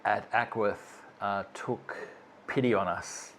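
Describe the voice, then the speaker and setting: A man co-hosting a stitching channel, chatting casually with dry, matter-of-fact quips, seated on a bed in a dark room. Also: on the low side, slow, a little hiss or hum. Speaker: co-host of a stitching video channel. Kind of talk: casual chat. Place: dark bedroom, sitting on a bed.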